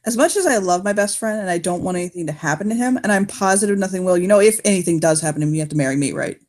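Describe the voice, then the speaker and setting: A woman's voice: fairly low pitch, racing, darkish tone. A woman narrating and playing characters in an improvised tabletop role-playing game, laughing often and swearing casually. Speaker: player.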